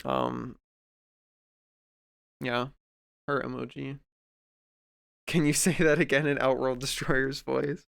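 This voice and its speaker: A man's voice: mid-range voice, fairly even intonation, takes it slowly, vocal fry, pauses often, fairly bright tone, no room sound. A man streamer chatting casually while he draws, rambling and heartfelt, full of fillers and restarts, close to the mic at home. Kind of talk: casual livestream chat while drawing.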